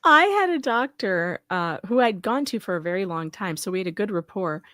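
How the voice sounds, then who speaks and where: A woman guesting on a livestream, telling stories in an animated way, acting out quotes and laughing often. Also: mid-range voice, fairly quick, no echo, clean studio sound. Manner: animated storyteller, acts out quotes, laughs a lot. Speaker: guest co-host. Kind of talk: casual livestream chat.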